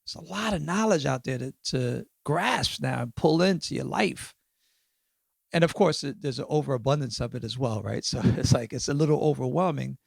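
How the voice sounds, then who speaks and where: Recorded with studio quality and no echo, this man in his fifties has a gravelly, mid-range voice at moderate pace. As an author guesting on a podcast, he reflects on his experiences in casual interview conversation, frequently adding "right?" and "you know."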